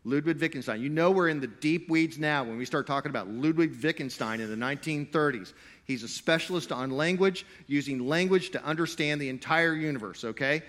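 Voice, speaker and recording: A man preaching a sermon to a live congregation. He swings between loud, emphatic stretches and quiet asides, and he jokes with the crowd. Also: fairly high pitch, brisk. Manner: playful, jokey with the crowd. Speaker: pastor.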